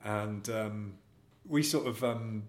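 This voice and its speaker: A man's voice: lowish voice, takes it slowly. A man speaking as an actor guest in a casual interview, telling rambling, self-deprecating anecdotes. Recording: echoey room.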